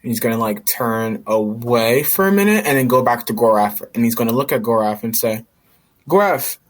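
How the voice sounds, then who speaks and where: A man's voice: medium pitch, a little fast. A man playing a tabletop game, casually describing what his character does and joking along. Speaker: player. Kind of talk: casual tabletop role-play.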